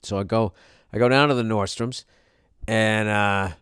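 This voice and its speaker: A man's voice: on the low side, steady tone, unhurried, fairly bright tone, clean tone, no room sound. Guy ranting on his podcast, swears a lot, fed up, dry close sound. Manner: profane, exasperated storytelling. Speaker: podcast host. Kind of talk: comedic monologue rant.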